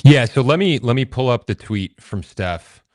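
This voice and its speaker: A man hosting a podcast, talking in a steady, casual way as he reads a post aloud and explains it. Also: mid-range voice, normal speed, no echo. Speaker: podcast host. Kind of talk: casual conversational discussion. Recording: dry close mic.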